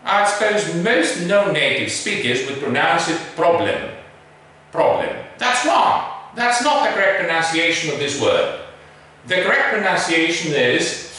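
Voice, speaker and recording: A high, lively male voice that speaks slowly and carefully, stressing each word as he teaches pronunciation. The tone is bright, and he sits back from the mic in a very echoey room. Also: recorded from a distance. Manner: slow, emphatic, models words carefully. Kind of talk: English pronunciation lesson.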